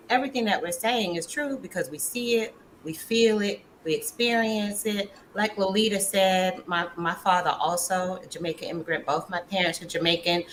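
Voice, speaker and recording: A woman's voice: lowish voice, pushed and bright, a little hiss or hum, poor audio. A woman panelist speaking with passion and emphasis, in a cadence like a preacher's, in a panel discussion.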